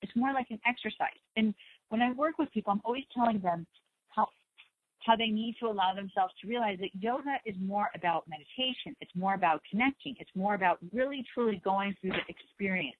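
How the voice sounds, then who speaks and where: A woman host talks in a gentle, reassuring way, circling back over the same words. Her voice comes through thin and tinny, like a phone line. The sound is dry, with no room around it. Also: medium pitch, a little fast, no room sound. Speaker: spiritual talk show host. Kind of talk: slow soothing talk on meditation and letting go.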